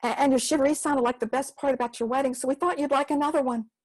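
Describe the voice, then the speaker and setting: A woman's voice: sits high, steady tone, fast talker, pitched above the performer's own voice, natural voice. A woman doing an eager little girl. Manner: breathless, stumbling with eagerness. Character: eager young girl, excited and pleading.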